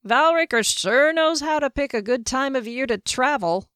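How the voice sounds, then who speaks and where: A woman's voice: high voice, expressive, moderate pace, a bit bright, smooth, dry recording, voice pushed up. A woman voicing a sarcastic young woman traveler who teases dryly. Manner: dry, sarcastic, teasing.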